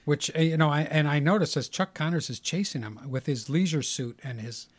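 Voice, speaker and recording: A man's voice: a little high, brisk. A middle-aged man co-hosting a casual film chat, dry and wry, tossing in jokey asides. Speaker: podcast co-host.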